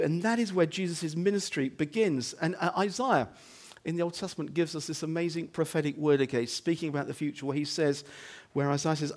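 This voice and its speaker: Preaching in his church, a man with a slightly higher-than-usual male voice keeps the sermon conversational, often asking rhetorical questions and checking in with "okay?" He moves between quiet, low stretches and loud, emphatic bursts.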